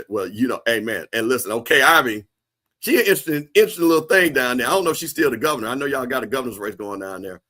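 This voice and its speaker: A livestream host with a medium-pitched voice talks in rapid-fire bursts. He's animated and joking, chatting casually and speaking straight to the viewers in his chat.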